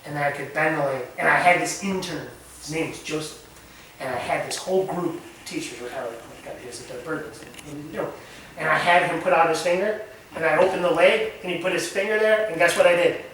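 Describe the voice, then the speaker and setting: At camp, a high-voiced man with a bright tone leads a hands-on nature lesson, talking fast and animatedly while repeatedly asking the group questions. He's picked up from a distance in a very echoey room, with a little hiss or hum.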